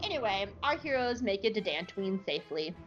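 Brief: woman co-host, casual animated recap, slightly lo-fi sound with faint music under it. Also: mid-range voice, brisk. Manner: chatty, animated, jokey. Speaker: podcast co-host.

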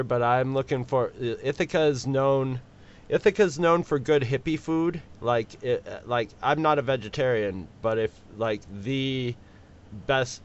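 A man co-hosting a casual podcast, relaxed and halting, often repeating words as he talks. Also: medium pitch, dull audio, a little hiss or hum. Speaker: podcast co-host.

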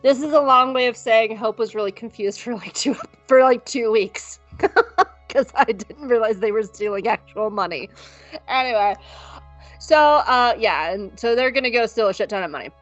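A woman with a fairly high pitch and moderate pace co-hosts a podcast in a dry recording. She jokes and rambles through a casual recap, swearing often, and the dull lo-fi audio carries faint music.

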